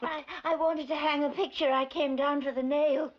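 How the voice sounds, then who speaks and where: Brief: woman as a scared young wife, high thin voice, muffled old film audio. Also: steady tone, moderate pace, close to an everyday voice. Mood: frightened. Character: young trophy wife, panicked and paranoid. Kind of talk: 1970s horror film acting. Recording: dull old film soundtrack.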